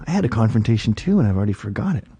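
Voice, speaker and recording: A man's voice: fairly low pitch, racing, creaky, breathy edge. A man telling a rambling story in a casual chat, laughing and acting out the people in it. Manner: animated, laughing, acts out quotes loudly. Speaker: podcast guest.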